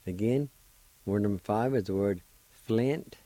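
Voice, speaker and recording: In this radio language lesson, a middle-aged man carefully sounds out and spells words one syllable at a time, at a slow pace. The voice is lowish and mellow, recorded without echo.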